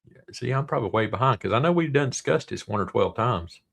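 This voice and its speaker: Male livestream host with a Southern drawl, gravelly tone, loose and rambling chat. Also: mid-range voice, expressive, quick pace, a bit bright. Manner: rambling, reads viewer comments aloud.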